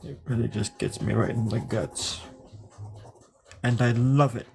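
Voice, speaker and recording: A man's voice: lowish voice, measured pace, creaky, a little mellow. A man chatting casually on a live stream while he draws, rambling and joking and laughing often. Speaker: live-streaming drawing host.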